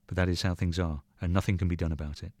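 A man reading a short story aloud in measured, even narration. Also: low-pitched, no room sound. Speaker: reader.

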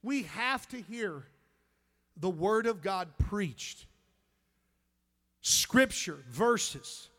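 Emphatic preacher. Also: male voice, high-pitched, expressive, pushed and bright, big-room sound. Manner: emphatic, reads scripture aloud with halting restarts. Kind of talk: sermon. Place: church.

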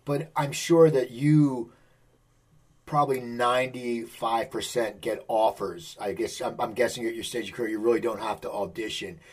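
A man's voice: mid-range voice, fairly even intonation, normal speed, breathy edge. A man hosting an interview, asking long rambling questions. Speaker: interviewer, host.

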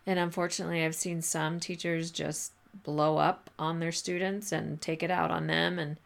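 A woman's voice: sits low, little pitch movement, normal speed, vocal fry. A woman hosting a podcast, giving teachers casual advice in a chatty, filler-heavy way and laughing often. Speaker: podcast host coaching teachers.

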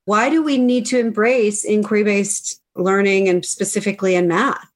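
A woman's voice: mid-range voice, steady tone, moderate pace. A woman hosting a podcast interview over a video call, asking questions in a friendly, guiding way and now and then adding a light joke. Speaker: podcast host.

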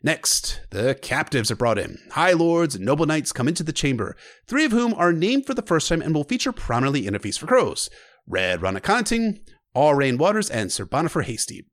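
A man's voice: a little high, sing-song, brisk, no room sound, studio quality. A man casually recapping a book, with swearing asides.

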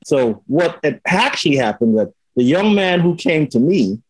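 A man in casual chat, telling a story in an animated way and acting out the lines of the people in it. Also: fairly high pitch, normal speed, slightly rough, dry recording, poor audio. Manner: animated storytelling, acts out quotes with swearing.

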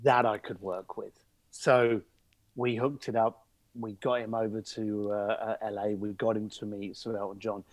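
A man as an interview guest, telling an anecdote in a lively conversational way and acting out the voices of the people in it. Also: fairly low pitch, normal speed, no room sound. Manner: animated, acts out the voices in his anecdotes. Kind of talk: conversational storytelling.

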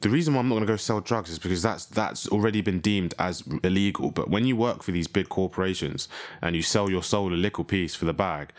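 A man's voice: low voice, fast talker, hardly any pauses. A young man, chatting casually and animatedly, swearing freely and acting out other people's voices. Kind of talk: casual chat.

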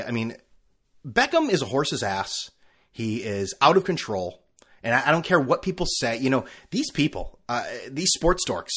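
A man from the United States rants into his podcast mic. His voice swings widely in pitch, and he swears freely and sarcastically while stumbling over restarts. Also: a bit bright, breathy edge. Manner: profane, sarcastic, rambling with frequent restarts. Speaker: podcast host. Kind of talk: casual ranting monologue.

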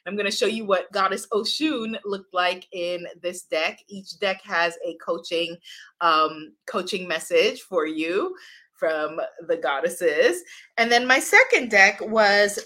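A woman hosting a live stream as an author, effusive and warm in her greetings, welcoming viewers one by one by name and laughing often. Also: mid-range voice. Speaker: host of a live stream, oracle deck author. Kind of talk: enthusiastic live-stream chat.

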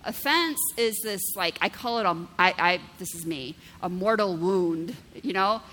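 Bright-voiced woman pastor preaching. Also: mid-range voice, measured pace, in a large hall, slight background noise. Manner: conversational, keeps asking "right?"; vivid everyday illustrations. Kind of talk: sermon.

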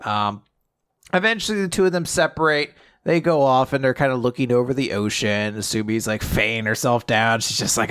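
A man's voice: mid-range voice, big pitch swings, a little fast, a bit bright, smooth, dry recording. Guy rambling thru a story recap, does little voices for quotes, swears some, dry close sound. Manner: rambling, acts out quotes, frequent fillers and swearing. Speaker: podcast co-host. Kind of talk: casual chat, recapping a story.

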